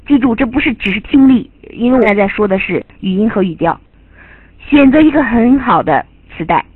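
A woman's voice: on the high side, breathy edge, no echo. A woman teaching a class, lecturing emphatically and repeating her key points. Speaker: English teacher. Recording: tinny lo-fi, phone-like recording.

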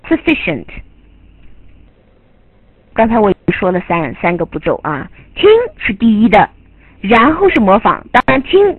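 A woman's voice: fairly high pitch, husky, no room sound. A woman teaching a class, lecturing emphatically and repeating her key points. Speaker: English teacher. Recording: tinny lo-fi, phone-like recording.

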